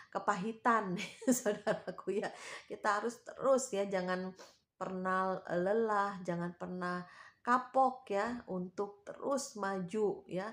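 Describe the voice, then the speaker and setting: A woman preaching to her channel's viewers. She exhorts them in a coaxing, repetitive way and tags her phrases with little prompts. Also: mid-range voice. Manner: warm exhorting, tags sentences with "ya". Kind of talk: devotional exhortation.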